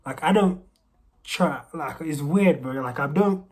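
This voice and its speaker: This vlogger's voice sits on the high side, unhurried with a breathy edge, his British accent still carrying American traces. Telling a casual story, he rambles, restarts often and leans on many fillers.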